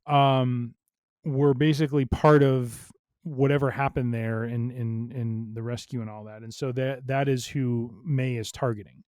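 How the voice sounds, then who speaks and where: Smooth-voiced man recapping on a podcast. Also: medium pitch, steady tone, unhurried, darkish tone, no room sound, clean studio sound. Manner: recapping with fillers, playful. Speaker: podcast co-host. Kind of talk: casual chat.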